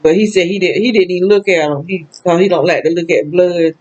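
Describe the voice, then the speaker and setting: An older woman from the American South, with a Southern accent, vlogs alone to the camera, rambling emotionally and feeling sad, with frequent laughs and exclamations. Her fairly low, darkish voice is fast and fairly even in intonation. The highs are cut off.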